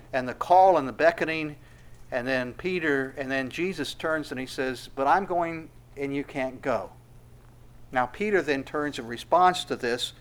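A middle-aged man preaching an expository sermon, rising to loud emphatic peaks and falling to soft asides. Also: a little high. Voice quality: laughs softly between points. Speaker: pastor.

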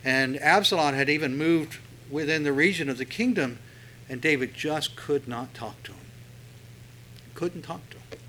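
A male preacher retelling a scripture story in a relaxed, conversational sermon full of fillers. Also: on the high side, moderate pace, slight background noise, rough recording.

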